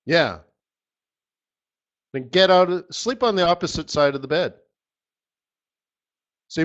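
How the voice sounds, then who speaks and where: A man hosting a live currency trading session, giving a rambling, animated motivational talk to his viewers. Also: fairly high pitch, takes it slowly, long pauses, dull audio. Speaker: forex market strategist hosting a live session.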